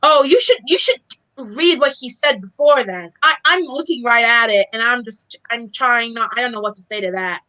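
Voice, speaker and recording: A woman's voice: a little high, normal speed, sharp tone, highs cut off. A woman in casual chat, giggly and hesitant, often trailing off and restarting. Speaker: co-host.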